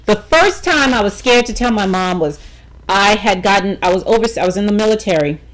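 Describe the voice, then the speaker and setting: A woman's voice: medium pitch, fairly quick, poor audio. A middle-aged woman vlogging a personal story, emphatic and talking straight to her viewers with frequent check-ins.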